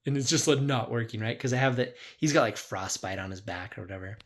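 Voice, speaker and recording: A man's voice: fairly low pitch, fast. A man who runs a tabletop game as dungeon master, casually recapping his sessions in a rambling way, full of "like.". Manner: rambling, lots of "like", acts out quotes.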